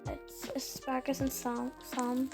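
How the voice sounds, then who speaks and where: A British woman with a high voice narrates her game roleplay in a loose, rambling way, filling gaps with "like" and "um". Her throat is sore. Loud music plays under her voice the whole time. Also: completely flat delivery, a little slow, low-quality recording. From United Kingdom. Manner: rambling, many "like" and "um" fillers. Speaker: roleplay gamer.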